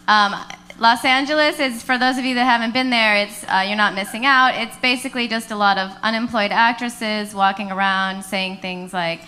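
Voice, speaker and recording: Bright deadpan woman doing stand-up. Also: fairly high pitch, moderate pace. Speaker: stand-up comedian. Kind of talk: stand-up set. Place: comedy club stage.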